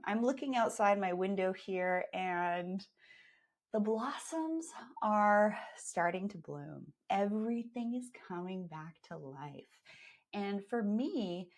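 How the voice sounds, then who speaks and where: Canadian woman, podcast host, chatty and upbeat, medium pitch. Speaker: podcast host and skincare educator. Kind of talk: live podcast chat.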